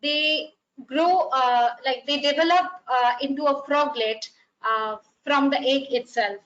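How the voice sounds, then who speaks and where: A woman gives an unscripted wildlife presentation, pausing often on fillers and restarting her sentences. Her voice is high and bright. The audio is muffled and lo-fi, like a video call. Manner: hesitant, many fillers and restarts. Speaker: expedition leader giving a wildlife talk. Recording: muffled, lo-fi online talk audio.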